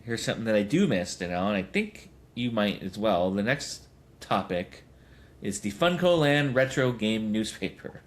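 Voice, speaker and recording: A man's voice: fairly low pitch, sing-song, normal speed. A man in his thirties hosting a podcast, telling rambling stories full of fillers and chuckles. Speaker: podcast host. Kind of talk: casual podcast chat.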